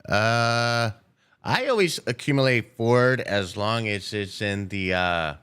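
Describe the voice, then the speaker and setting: Lowish in pitch, his voice is sharp and clean. He hosts a live day-trading stream, chatting with viewers in a loose, playful way, swearing freely while commenting casually on the market.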